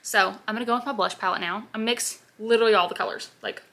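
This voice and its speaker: A young woman in her twenties with a bright, forceful voice chats through her makeup routine in a loose, rambling way. She leans on constant "like" fillers and talks at a middle pitch, in an easy get-ready-with-me vlog style. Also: fast. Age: 20s. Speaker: beauty vlogger. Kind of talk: casual get-ready-with-me chat while doing makeup.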